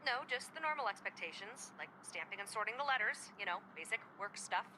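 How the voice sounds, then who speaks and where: An actress voicing a sarcastic, scolding postal supervisor over a phone call in a game. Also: female voice, medium pitch, animated, fairly quick, noisy background, close to an everyday voice.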